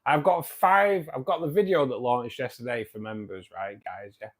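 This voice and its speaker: With a mid-range, slightly mellow voice and lively intonation, a man in his fifties talks a little fast while hosting a casual fish-keeping livestream. He jokes, chats and thanks viewers by name despite a dry throat.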